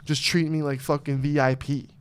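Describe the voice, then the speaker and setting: Profane, rambling podcast host. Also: male voice, a little high, little pitch movement, normal speed, smooth. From Arizona. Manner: loose, profane, rambling storytelling. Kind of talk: casual podcast chat.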